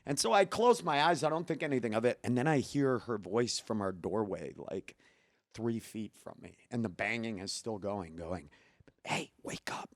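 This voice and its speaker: A man's voice: lowish voice, moderate pace, no echo. Man telling a story on a dry mic. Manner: animated, profane, laughs mid-story. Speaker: guest comedian. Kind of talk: casual podcast storytelling.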